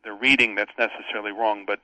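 A man's voice: lowish voice, level tone, fast talker, sharp tone, dry recording, rough recording. An older man, a pastor, explaining a Bible verse as a radio guest in an earnest, teacherly way with many restarts.

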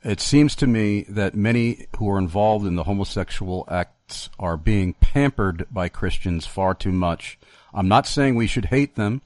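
A man hosting a show, reading listener questions aloud in an unhurried, slightly hesitant way. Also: on the low side, a little mellow, no echo, clean studio sound.

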